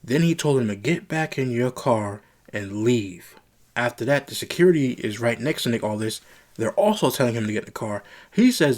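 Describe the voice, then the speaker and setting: Man, casual wrestling review, rambling recap, quoted dialogue, gets animated, mid-pitched voice. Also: fairly quick. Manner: animated, rises in pitch when excited.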